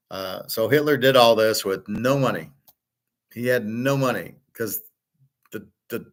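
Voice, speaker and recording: A man's voice: lowish voice, a bit bright. A middle-aged man lecturing a class in a blunt, rambling way, swearing freely and often restarting his sentences. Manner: many restarts and repeated words. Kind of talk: casual lecture.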